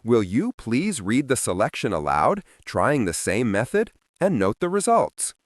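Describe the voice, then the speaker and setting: A man's voice: mid-range voice, huge pitch swings, a little slow, dry recording, studio quality. A man narrating a self-help audiobook in an emphatic, instructional reading style.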